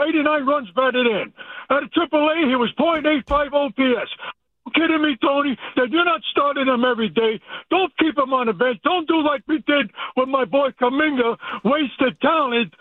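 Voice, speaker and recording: A man's voice: very high voice, no echo. A man calling in to a sports radio show, ranting pushily about his team over a phone line. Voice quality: excited, pushy, repetitive. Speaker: radio caller.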